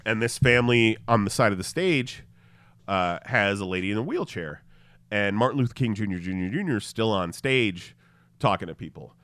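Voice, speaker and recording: A man's voice: lowish voice, animated, normal speed, fairly bright tone, no echo. A man hosting a podcast, telling a story in a casual chat, acting out the voices and laughing often. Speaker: podcast host.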